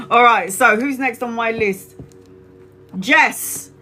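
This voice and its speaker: A woman giving live-stream tarot readings in an excitable way, often laughing and exclaiming, and calling viewers sweetheart. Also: on the high side, very slow, soft background music, rough recording. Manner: affectionate, calls viewers sweetheart. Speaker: tarot reader.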